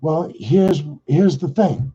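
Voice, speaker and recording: A man's voice: a little high, mellow, breathy edge, highs cut off. A man hosting his own podcast, talking in a rambling, exasperated political monologue. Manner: rambling, exasperated, talks fast. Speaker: podcast host.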